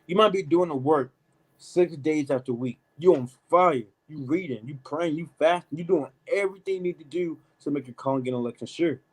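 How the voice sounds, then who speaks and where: A man leading a casual, animated Bible study, reading verses and adding emphatic asides like "man" and "right?". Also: on the high side, fairly quick, breathy edge, poor audio. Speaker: Bible teacher. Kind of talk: street-style Bible study preaching.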